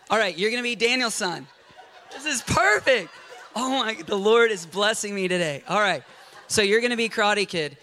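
A man preaching an animated, jokey sermon to a congregation, acting out scenes with a volunteer from the audience. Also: sits high, a little hiss or hum. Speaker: pastor. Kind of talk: lively sermon with audience interaction. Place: church sanctuary before a congregation.

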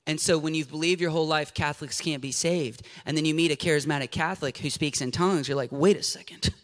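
Bright-voiced impassioned male preacher. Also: on the high side, fairly even intonation, fast talker. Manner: impassioned, builds to shouting then drops to quiet storytelling. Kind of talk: sermon.

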